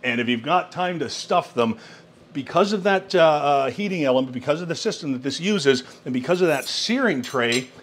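A man hosting a cooking vlog, demonstrating a kitchen appliance at home with excited exclamations and frequent laughs. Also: a little high, moderate pace, husky. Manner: enthusiastic, exclamatory, laughing often. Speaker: cooking channel host. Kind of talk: product demo cooking vlog.

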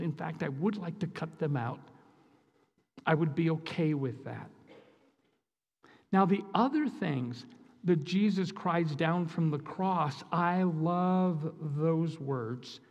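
A man's voice: a little high, expressive, slow pace, creaky, darkish tone, breathy edge. A man with an Upper Midwest American accent, preaching as a guest speaker, earnest and emphatic, often repeating his phrases. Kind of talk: sermon. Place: church sanctuary. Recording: long church hall reverb.

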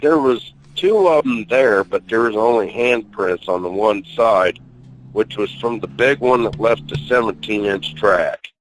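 A man recounting an incident at his trailer in plainspoken, rough-edged talk. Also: lowish voice, unhurried, slight background noise, rough recording. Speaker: guest recounting an encounter.

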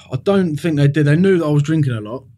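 A quick-talking man with a dark, mellow voice, speaking as a guest on a podcast. He is frank and confessional and swears freely as he tells his own story. His talk is rough and unpolished, never guarded. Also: fairly high pitch, expressive. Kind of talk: candid interview storytelling.

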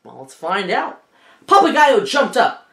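A woman teacher reading a picture book aloud to children, animated, asking her listeners questions along the way. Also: a little high, unhurried. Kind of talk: children's storybook read-aloud. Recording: echoey room.

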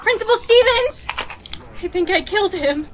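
A text-to-speech voice of a woman playing a panicky young woman caught in a deadly lyric game, spoken flatly over a skit. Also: very high voice, normal speed. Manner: flat synthetic text-to-speech delivery. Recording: loud background noise.

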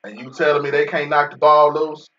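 A man's voice: on the high side, flat delivery, a little fast, recorded from a distance, muffled recording. A man giving casual, joking commentary over a football video game as host, bantering about getting paid. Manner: joking banter with an unseen in-game agent, AAVE-flavored casual speech.

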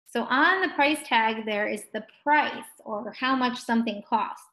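A woman teaching a first grade phonics lesson for distance learning, sounding out words slowly and encouraging young children. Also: a little high, sharp tone. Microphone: distance-learning video recording.

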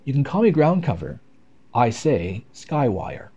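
Man reading poems with lively pitch. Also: measured pace, slightly rough, lo-fi sound. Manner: rhythmic, expressive reading. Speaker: reader. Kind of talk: poetry read aloud.

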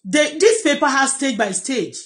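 Middle-aged Nigerian-accented woman, personal vlog, pleading and repetitive, slightly high voice. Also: expressive, normal speed. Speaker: vlogger.

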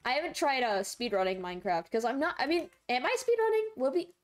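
High-pitched and very animated, a young woman talks quickly over soft background music while streaming a game. She keeps it playful with frequent laughter, squealing whenever viewers troll her.

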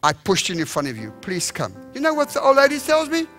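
Bright-voiced animated man preaching a revival. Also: fairly high pitch, fast, faint music behind. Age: young adult. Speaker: evangelist. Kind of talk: revival sermon. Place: church sanctuary.

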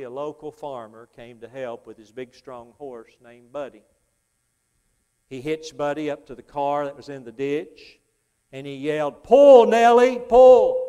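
A man preaching a revival sermon with emphatic exhortations, folksy humor and quieter storytelling. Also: mid-range voice. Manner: folksy, self-deprecating humor. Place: church sanctuary.

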